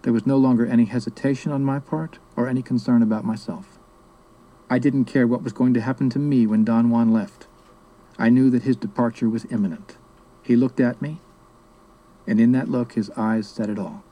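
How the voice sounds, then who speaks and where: A man reading a memoir-style story as narrator, in a measured, reflective way. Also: medium pitch, steady tone, mellow, poor audio. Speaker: audiobook narrator. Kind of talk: scripted narration.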